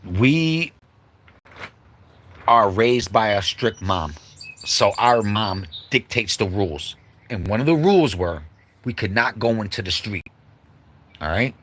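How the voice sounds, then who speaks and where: A man hosting a livestream, telling a childhood story in a casual, animated way and acting out the quotes, with many asides to the listeners. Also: fairly low pitch, slow, long pauses, a little hiss or hum. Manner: animated storyteller, acts out quotes, many "you know what I'm saying" asides. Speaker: host. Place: livestream setup.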